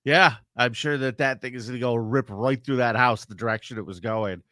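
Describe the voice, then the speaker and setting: A man's voice: medium pitch, brisk, sharp tone, no echo. A man co-hosting a casual livestream, reading viewer comments aloud and teasing his partner. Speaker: co-host.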